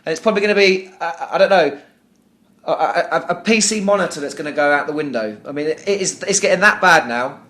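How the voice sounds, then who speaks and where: This is an exasperated British man with a high, strained voice, venting at a customer service agent. His complaint turns sarcastic and profane, and he stumbles over the same words again and again. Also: fast, sharp tone. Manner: furious, ranting, sarcastic, stammering repetitions; swears often. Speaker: business owner calling customer service. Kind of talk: phone complaint call.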